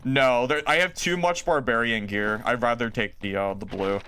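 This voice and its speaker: A man's voice: medium pitch, normal speed, sharp tone, clean tone. Self-mocking male game streamer. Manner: self-mocking, exasperated, laughs often. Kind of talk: live gameplay commentary reading chat.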